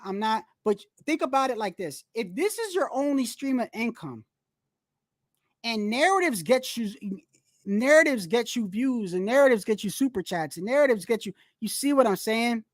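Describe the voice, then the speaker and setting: A woman's voice: fairly high pitch, expressive, normal speed, dry recording, studio quality. A woman hosting a live boxing commentary stream, ranting bluntly with frequent swearing and restarts.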